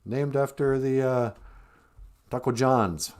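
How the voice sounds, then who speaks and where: Speaking slowly in a medium-pitched, slightly mellow voice, a joking man hosts a live stream. He's from northern Minnesota and his casual chat rambles, broken up by frequent laughter.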